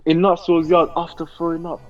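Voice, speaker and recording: A man's voice: fairly high pitch, monotone, a little fast, dull audio, over music. A man bantering on a comedy podcast, incredulous and slangy, repeating his lines for laughs. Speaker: podcast co-host.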